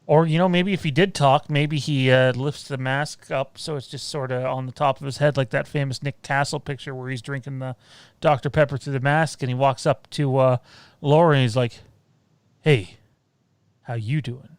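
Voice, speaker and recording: A man's voice: medium pitch, fairly even intonation, brisk, clear, resonant tone, dry recording. A man hosting a casual live-stream chat, rambling with frequent laughs and restarts. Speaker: podcast host.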